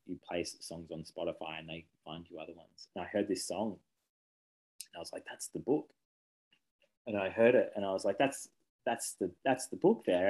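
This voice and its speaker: A man's voice: low-pitched, darkish tone, poor audio. A man, a children's book author chatting casually in an interview, rambling and self-correcting, laughing easily.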